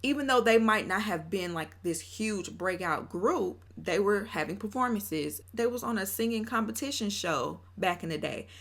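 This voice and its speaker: A woman's voice: medium pitch, animated, moderate pace, hardly any pauses, fairly bright tone. A woman vlogger talking through her casual commentary in a chatty, opinionated way, often breaking into laughs.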